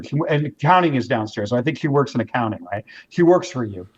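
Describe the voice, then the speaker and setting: Male interview guest, animated storyteller, mid pitch, muffled lo-fi audio. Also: brisk. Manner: animated storyteller, acts out quoted voices, many restarts. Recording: dull lo-fi sound.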